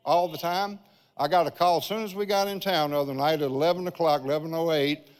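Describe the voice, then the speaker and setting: A man's voice: on the high side, steady tone, fast, smooth. Older preacher man with a ringing hall echo. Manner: folksy testimony storytelling, often calling out "Amen". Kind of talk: sermon. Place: large church sanctuary. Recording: long church-hall reverb.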